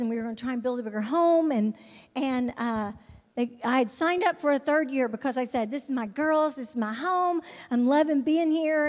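A high-pitched woman tells her missionary testimony from the pulpit. She speaks fervently, repeats her words and stumbles through restarts. Her voice rings out with the long reverb of a large hall. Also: a little mellow. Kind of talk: testimony sermon.

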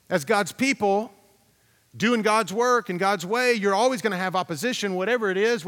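A man's voice: sits high, fairly bright tone, long reverb tail. A man preaching a sermon as a pastor, talking in a conversational, storytelling way, repeating himself and putting questions to the congregation.

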